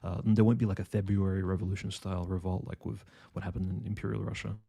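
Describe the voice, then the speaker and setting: A man's voice: deep voice, flat delivery, fast talker, gravelly, warm tone, breathy edge. A man co-hosting a casual online political discussion, talking in a hesitant way with many restarts and fillers. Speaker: co-host.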